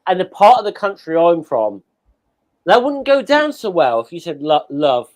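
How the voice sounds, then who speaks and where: A man in casual podcast chat, speaking haltingly and searching for his words. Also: high voice, very animated. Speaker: podcast co-host.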